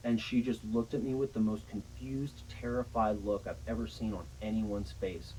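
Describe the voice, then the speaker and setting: Young guy, lowish voice, rambling swear-heavy storyteller, faint noise behind. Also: normal speed, low-quality recording. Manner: rambling, profane, animated retelling. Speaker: storyteller guest. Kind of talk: casual storytelling chat.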